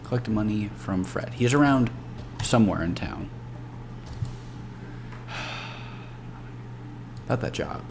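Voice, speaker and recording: A man streaming a video game and thinking out loud in casual chat, swearing often. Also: on the low side, lively intonation, takes it slowly, pauses often, noisy background.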